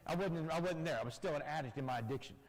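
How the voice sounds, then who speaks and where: A man's voice: fairly high pitch, rapid-fire. A man giving an emphatic personal testimony to an audience in a church, speaking to them directly. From Texas. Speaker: guest speaker. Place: church hall. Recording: long church-hall reverb.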